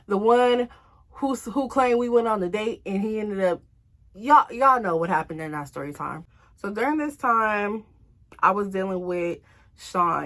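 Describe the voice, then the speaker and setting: A woman's voice: medium pitch, fairly bright tone. A woman in her twenties telling a personal story to camera in a casual, blunt way, with frequent swearing. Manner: chatty, blunt, swears freely. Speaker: storytime vlogger.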